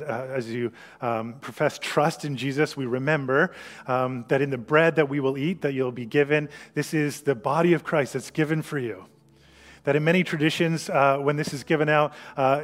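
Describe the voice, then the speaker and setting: A man preaching a reflective sermon as pastor, often dropping to a soft, low voice before leading communion. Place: church hall. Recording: long reverb of a church hall.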